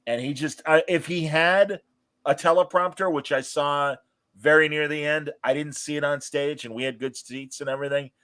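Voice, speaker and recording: A man hosting a podcast in casual chat, telling stories with lively cheering asides. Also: a little high, moderate pace. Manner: animated storyteller, mimics cheering crowds. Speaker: podcast host.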